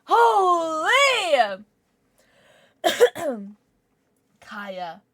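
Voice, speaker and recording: A woman livestreamer chatting casually and thanking subscribers, excitable, giggly and often apologetic. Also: very high voice, very slow.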